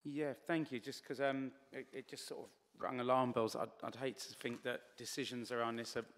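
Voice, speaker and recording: A man's voice: medium pitch, little pitch movement, a little fast, fairly bright tone, in a large hall. A man questioning as a councillor at a committee meeting, hesitant and slightly losing his voice. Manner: hesitant, many fillers and restarts.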